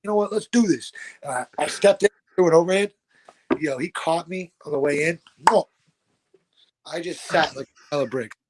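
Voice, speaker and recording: Animated young man telling wild stories. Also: a little high, normal speed, background noise. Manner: animated, swearing, acts out quoted voices. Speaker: guest fighter. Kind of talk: casual storytelling.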